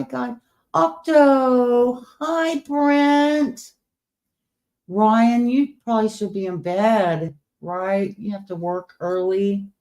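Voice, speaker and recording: A woman hosts a casual late-night livestream, chatting with viewers, reading their comments aloud and sometimes whispering. Her voice is on the high side with a darkish tone, and new partial teeth slightly impede her speech.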